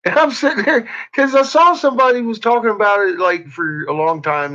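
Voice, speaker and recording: A man's voice: high-pitched, normal speed, creaky, pushed and bright. A man in casual chat who keeps breaking into laughter, with a crude, profane manner. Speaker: podcast host. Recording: dull lo-fi recording.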